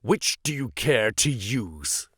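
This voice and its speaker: A man voicing a sturdy, fiercely protective old farmer who speaks gruffly and angrily. He speaks slowly and with expression. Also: mid-range voice, very animated, a bit bright, dry recording, clean studio sound, exaggerated voice. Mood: threatening. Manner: gruff and angry.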